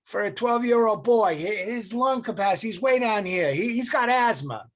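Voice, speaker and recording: A man's voice: sits high, expressive, moderate pace, voice pushed up. A man voicing an older, dismissive male doctor with a Massachusetts accent and a drawling, nasal delivery, over a video call.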